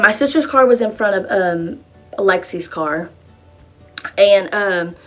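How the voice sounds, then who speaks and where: Young woman vlogger, casual storyteller, animated and heavily profane. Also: mid-range voice. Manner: animated, profane, lots of fillers and repeats. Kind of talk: storytime vlog.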